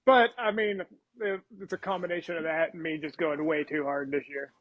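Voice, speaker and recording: A man's voice: on the high side, fairly even intonation, a little fast, no echo, lo-fi sound. A man who is a guest on a podcast, chatting casually in a laid-back, self-mocking way.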